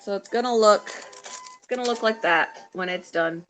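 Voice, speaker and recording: A middle-aged woman chatting casually with viewers while she works on a craft, softly rambling and talking to herself. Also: mid-range voice, a little slow, soft background music. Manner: soft, rambling, talks to herself while working. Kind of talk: casual live-stream chat.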